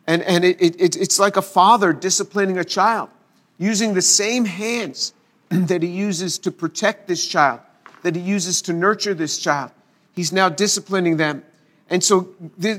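High-voiced earnest male preacher. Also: a bit bright. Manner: earnest, repeats phrases for emphasis, stammers into restarts. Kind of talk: expository sermon.

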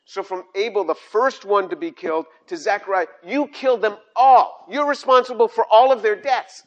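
Preaching on scripture, an older man hammers his points home, repeating key phrases and beginning sentences over as he goes. He has a high voice at a moderate pace, and the recording sounds muffled.

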